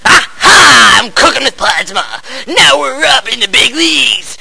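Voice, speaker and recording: A man narrates his shooter game in a hammy, theatrical way, full of shouty bravado. His voice sits high, with a gravelly rasp and a bright, forceful edge. He swings his pitch widely and draws out many words. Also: sing-song, unhurried, rough recording. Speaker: game player.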